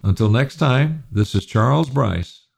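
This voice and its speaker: Gravelly-voiced man teaching scripture. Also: mid-range voice, animated, a little slow, a little mellow. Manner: reads scripture then paraphrases it plainly. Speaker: pastor. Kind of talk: Bible study sermon.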